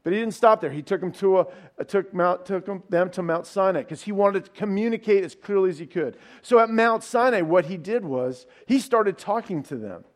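A pastor preaching a sermon, retelling a story in a casual way with asides and rhetorical questions. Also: male voice, high voice, animated, brisk.

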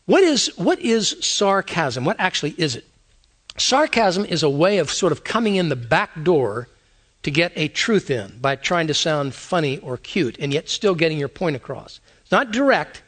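A man's voice: fairly high pitch, sing-song, measured pace, a bit bright. A man preaching a conversational sermon, asking his listeners many rhetorical questions. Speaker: pastor.

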